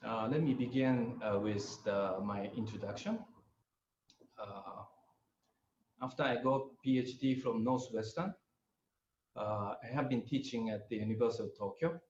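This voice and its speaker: An older man with a Japanese accent, speaking English as a second language, gives a webinar lecture with frequent pauses and fillers. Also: lowish voice, a little mellow, a little hiss or hum. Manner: hesitant, many pauses and fillers. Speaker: guest lecturer. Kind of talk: webinar presentation. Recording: roomy, slightly muffled audio.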